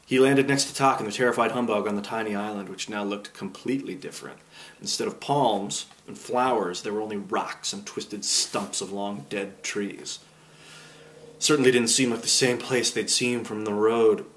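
A man narrating a storybook aloud, gentle and unhurried with small slips. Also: on the low side, fairly even intonation. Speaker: audiobook reader.

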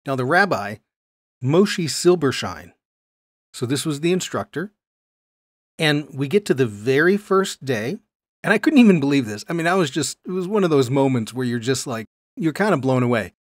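Speaking to camera at a normal speed, a man with a mid-range voice teaches a Bible lesson in an animated, conversational way, regularly checking in with his viewers as he explains. The recording is dry and close, without any room sound.

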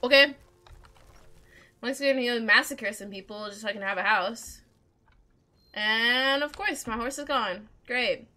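A woman giving casual let's-play commentary while gaming. She is chatty and excitable, and talks back to the characters on screen. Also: on the high side, unhurried, long pauses. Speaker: gamer playing a role-playing game.

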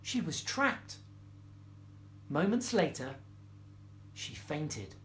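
A man's voice: on the high side, very animated, extremely slow, a bit bright, a little hiss or hum. A man reading a bedtime story aloud, playful, with jokey asides to the listener. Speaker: storyteller, former children's TV presenter.

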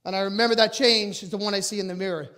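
A middle-aged man giving a motivational talk to an audience, loud and emphatic as he tells personal stories. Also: high-pitched, fairly even intonation, very fast. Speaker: motivational speaker.

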